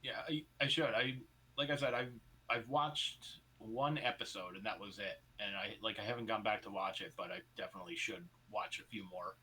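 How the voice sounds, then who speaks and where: A man co-hosting a podcast in casual chat, rambling with halting restarts and loose swearing. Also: on the low side, pushed and bright, husky. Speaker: podcast co-host.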